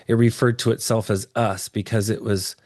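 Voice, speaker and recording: Earnest, excitable man from Texas. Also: on the low side, normal speed, dry recording, studio quality. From Texas, USA. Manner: earnest, excitable, often restarts phrases. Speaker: interview guest. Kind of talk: personal storytelling in an interview.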